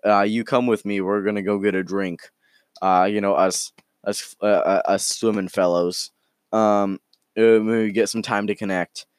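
A man's voice: deep voice, clear, resonant tone, no room sound, clean studio sound. A man voicing a laid-back, friendly male swimming creature who talks in casual slang. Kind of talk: storytelling with character voices.

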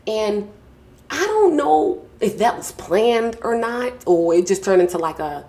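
A young adult woman hosting a podcast from a small home studio, talking in a casual, effusive, slangy way and warmly thanking the people close to her. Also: medium pitch, animated, unhurried. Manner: warm, effusive, slangy, repeats thank-yous. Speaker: podcast host. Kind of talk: casual heartfelt podcast talk. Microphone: podcast mic with mixing board.

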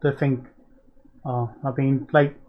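A man's voice: medium pitch, level tone, normal speed, lo-fi sound, a little hiss or hum. A man, a guest on a podcast, telling chatty anecdotes with lots of fillers. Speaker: guest, content creator. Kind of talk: casual chat.

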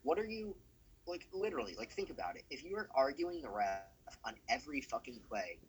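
A man co-hosting a sports podcast, talking casually in a ranting, profane and animated way. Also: a little high, brisk, a little hiss or hum, rough recording. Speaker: podcast co-host.

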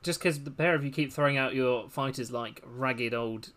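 A man's voice: medium pitch, normal speed, a bit bright, slight background noise. A man hosting a casual podcast game as referee, chatty and amused as he keeps things moving. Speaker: host and referee of a fantasy fight game.

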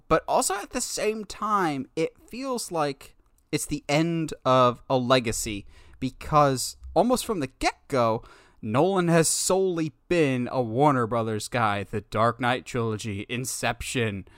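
A man co-hosting a casual movie news podcast, talking in an animated, exasperated way. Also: medium pitch, dry recording, clean studio sound. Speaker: podcast co-host.

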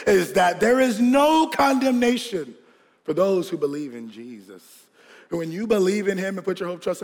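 A man from Georgia preaching a sermon, telling a lively childhood story with laughter and call-and-response to the congregation. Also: on the high side. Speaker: pastor. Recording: long hall reverb.

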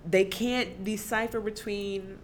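A woman's voice: mid-range voice, fairly even intonation, takes it slowly, a little hiss or hum. A woman, a special education teacher speaking as a podcast guest, talking animatedly and laughing often. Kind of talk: conversational podcast interview.

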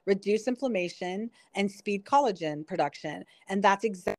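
A woman's voice: mid-range voice, lively intonation, normal speed, darkish tone, no echo, studio quality. Chatty middle-aged woman explaining. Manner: chatty, explanatory, storytelling with restarts. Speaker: guest, nurse and product founder. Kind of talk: conversational interview.

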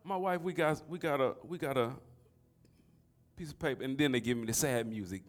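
A middle-aged man, preaching a sermon that swings from soft storytelling to shouting. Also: medium pitch, animated, brisk. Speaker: pastor.

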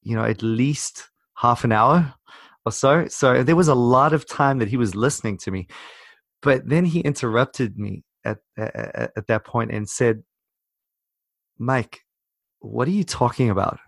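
A man's voice: mid-range voice, moderate pace, gravelly, no echo, clean studio sound. A South African man telling a long story in casual chat on a video call, rambling with many restarts. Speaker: podcast co-host.

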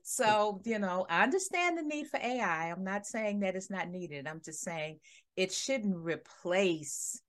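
A woman's voice: mid-range voice, animated, unhurried. A woman from Detroit with an accent that mixes Detroit and the American South, chatting casually and often saying "you know". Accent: mix of Detroit and Southern US. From Detroit, Michigan. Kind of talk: casual conversation.

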